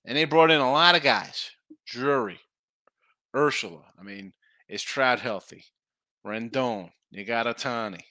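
A middle-aged man hosts a casual sports betting live stream, rambling and restarting his sentences. His voice is bright and forceful, and the sound is dry and close with little room echo. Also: mid-range voice, unhurried. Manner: rambling, self-interrupting, reads chat comments aloud. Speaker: sports betting show host.

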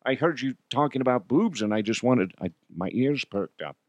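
A man voicing a sly, lecherous older man in a low, murmuring voice. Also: expressive, normal speed, darkish tone, dry recording, natural voice. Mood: leering.

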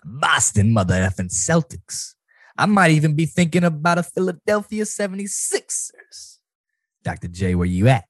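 A man co-hosting a casual sports podcast, talking in loud, swaggering banter full of slang. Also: fairly high pitch, sing-song, normal speed, no echo, studio quality. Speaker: podcast co-host.

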